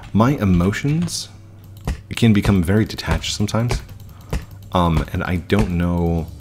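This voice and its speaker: A man's voice: deep voice, darkish tone. A man in his thirties talking casually and reflectively while playing a game, often restarting his sentences. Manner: reflective, frequent restarts and fillers. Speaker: gaming YouTuber.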